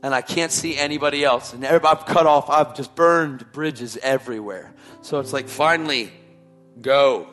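A man giving an emotional personal testimony, a dramatic storyteller who drops to hushed tones and then rises to shouting. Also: medium pitch, moderate pace, faint music behind. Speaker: testimony speaker.

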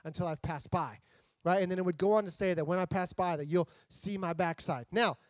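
High-voiced animated man preaching. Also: quick pace, no echo. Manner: animated, jokey, acts out voices. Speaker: pastor. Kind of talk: casual sermon.

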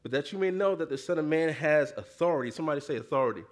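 A man's voice: on the high side, animated, racing. A man preaching a casual sermon, reading scripture and talking it through in a conversational, slangy way full of "you know" and calls for the congregation to answer back.

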